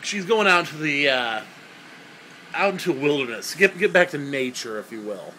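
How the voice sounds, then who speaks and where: A man's voice: a little high, expressive, moderate pace, sharp tone, slight background noise, rough recording. A young man giving a crude, sarcastic, rambling comedic movie review.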